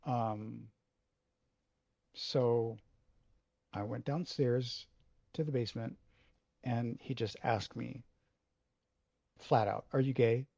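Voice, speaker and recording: Gravelly man telling a raw personal story. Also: medium pitch, fairly even intonation, warm tone, no echo, lo-fi sound. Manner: halting, emotional, swears freely. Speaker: video host.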